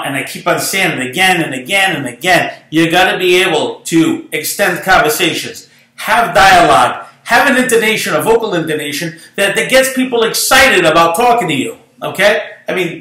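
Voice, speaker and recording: Brief: middle-aged New broker, self-promoting pep talk, sharp high voice. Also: male voice, moderate pace. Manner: rambling, animated, self-promoting. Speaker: real estate broker. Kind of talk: casual motivational monologue. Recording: echoey room.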